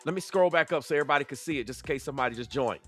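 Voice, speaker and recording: Faint music plays behind this commentary channel host, whose medium-pitched, fairly bright voice comes out rapid-fire. Hosting a livestream, he sounds emphatic and preachy, drawing words out sing-song style.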